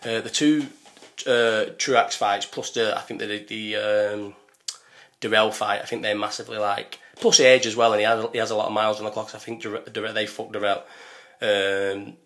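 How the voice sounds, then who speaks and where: A man's voice: on the low side, level tone, normal speed, fairly bright tone. Blunt, swearing man. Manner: blunt, opinionated, swears freely, many restarts. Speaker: podcast co-host. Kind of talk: casual chat.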